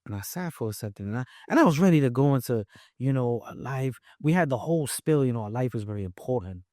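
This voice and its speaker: Young New York man, interview guest, mellow voice, dry close sound, lively storyteller. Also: mid-range voice, fast, dry recording. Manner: animated, acts out quoted voices. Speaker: podcast guest. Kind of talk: casual storytelling.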